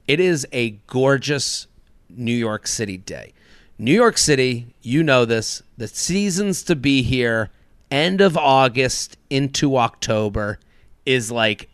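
A man hosting a comedy podcast, telling a complaint story in an animated, exaggerated way. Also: no room sound. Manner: animated storyteller, jumps up in pitch when acting out people. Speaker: podcast host. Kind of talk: casual comedic complaint chat. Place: New York City.

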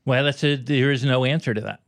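A man's voice: mid-range voice, no echo. Man explaining in eager restarts. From United States. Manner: animated, explains in quick restarts. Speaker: comedian guest. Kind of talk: casual podcast chat.

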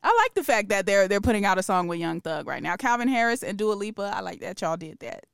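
Chill woman podcast host chatting about new music, smooth voice, dry close sound. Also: medium pitch, animated, no room sound. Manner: laid-back, laughs easily, drawn-out fillers. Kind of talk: casual hip-hop news chat.

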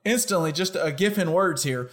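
A young man with a slightly high voice chats loosely on a podcast. He restarts his sentences as he goes and laughs easily. He sounds like a relaxed co-host talking with friends. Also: moderate pace. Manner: chatty, self-correcting, laughs often. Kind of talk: casual podcast chat.

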